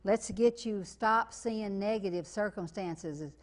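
A woman from Eastern Kentucky with a Kentucky accent, preaching as a televangelist, slowing for emphatic repetition and rising to loud declarations. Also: mid-range voice. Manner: fervent, building to loud declarations. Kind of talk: preaching and fundraising appeal.

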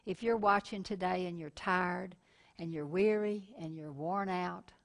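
A woman's voice: fairly low pitch, measured pace, gravelly. A middle-aged woman preaching a televised sermon in a folksy way, calling listeners honey and telling personal stories.

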